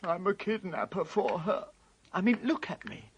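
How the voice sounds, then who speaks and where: A woman's voice: fairly low pitch, big pitch swings, normal speed, slightly rough, heavily acted, low-quality recording. A woman voicing a guilt-ridden, tearful male fawn in an amateur radio play. She talks anxiously and stammers. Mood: guilty, fearful. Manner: anxious, stammering, breaking into sobs.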